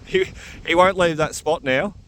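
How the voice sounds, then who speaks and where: Excitable man vlogging outdoors. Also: on the high side, normal speed, clean tone. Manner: excitable, chatty, often exclaiming. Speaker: metal detecting vlogger. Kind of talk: casual vlog commentary. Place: outdoors on a farm.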